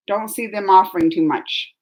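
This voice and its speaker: A woman's voice: mid-range voice, moderate pace, a little mellow. A woman hosting a casual live reaction stream, reading viewer comments aloud in a chatty way and laughing often. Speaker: reaction channel host.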